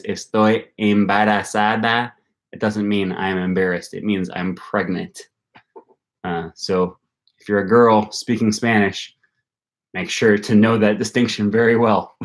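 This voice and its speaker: In a casual livestream with viewers, a young man who hosts a language-learning channel rambles and thinks out loud, filling gaps with ums and likes. He has a Wisconsin accent and a fairly low-pitched voice.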